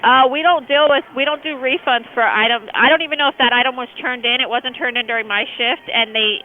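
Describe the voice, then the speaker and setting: A woman working a front desk, answering a phone call in a brisk, matter-of-fact way. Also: a little high, a little hiss or hum. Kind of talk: phone conversation. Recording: tinny phone line.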